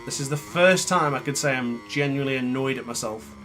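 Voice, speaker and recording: A gaming YouTuber, a man with a medium-pitched, slightly bright voice, talks a little fast as he gives live commentary on a racing game, frequently muttering and scolding himself in frustration. Motorbike game sounds and engine noise sit behind his voice, along with faint music.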